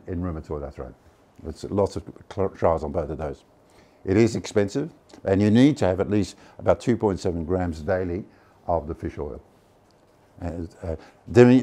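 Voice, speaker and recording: An older pharmacology lecturer with a low, somewhat mellow voice gives a chatty conference lecture on medicines. He digresses often and hesitates a lot.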